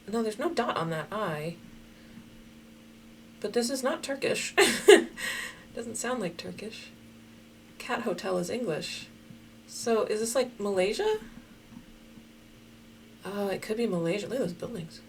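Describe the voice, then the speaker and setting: A woman's voice: mid-range voice, creaky, slight background noise. Chatty woman thinking aloud over gameplay. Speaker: game streamer. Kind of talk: casual gameplay commentary.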